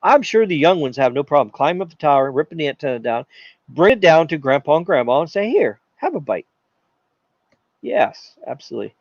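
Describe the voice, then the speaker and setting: A man hosting a live tech Q&A stream, talking in an animated, jokey way and slipping into silly voices. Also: a little high, quick pace, no echo, dull audio. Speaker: tech channel host.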